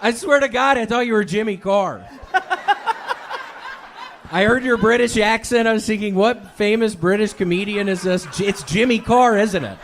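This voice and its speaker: A man doing deadpan, absurd stand-up on a comedy club stage, then bantering on a handheld mic. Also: high voice, moderate pace, pauses often, a little hiss or hum. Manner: deadpan, absurd one-liners.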